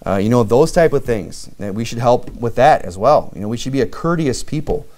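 A man preaching a sermon in a conversational way, with frequent fillers and lively acted-out dialogue. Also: medium pitch, fairly quick. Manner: conversational preaching, many "you know" fillers, acts out lively quoted dialogue. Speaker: pastor.

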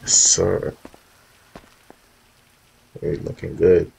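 A man's voice: deep voice, level tone, drawn-out words, vocal fry, a little mellow, husky, rough recording. A man giving laid-back, slangy commentary in a gaming vlog, talking straight to his viewers. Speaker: roleplay gamer showing off his cars.

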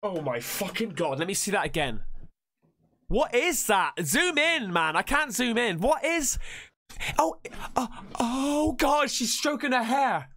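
A man hosting a reaction video, jumpy and swearing freely, shouting when something startles him. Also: very high-pitched, animated, measured pace. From England. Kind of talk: excitable reaction commentary.

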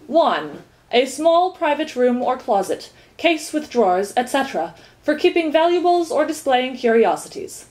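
A woman's voice: high voice, very animated, moderate pace, darkish tone, pitched above the performer's own voice. A woman voicing a fussy male duke who recites dictionary definitions in a storybook reading. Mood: reciting.

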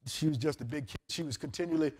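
A male pastor, preaching a storytelling sermon to his congregation. He tells the story with lively character voices and laughter. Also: on the high side, fast, breathy edge. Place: church service in a hotel venue. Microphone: handheld or lapel mic.

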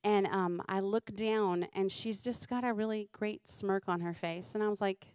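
A middle-aged woman, a comedian host telling lively, funny stories about her kids and laughing at them. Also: mid-range voice, normal speed, clean tone, no echo, studio quality. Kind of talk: comedic storytelling.

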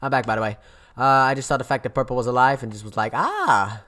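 A young man commentating a game casually, excitable, swinging from muttering to yelling and swearing. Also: mid-range voice, fast. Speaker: gameplay commentator.

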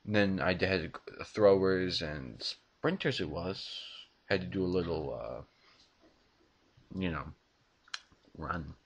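A man's voice: low-pitched, animated, slow, creaky, long pauses, husky. A young man in his teens rambling casually in a vlog, swearing a lot and stumbling over words. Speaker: vlogger. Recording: slightly dull lo-fi recording.

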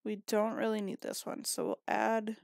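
A woman's voice: mid-range voice, monotone, moderate pace, creaky, a little mellow, no echo, clean studio sound. Chatty woman scolding her game characters. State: sniffly and yawning. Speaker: gaming video creator. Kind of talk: casual gameplay commentary.

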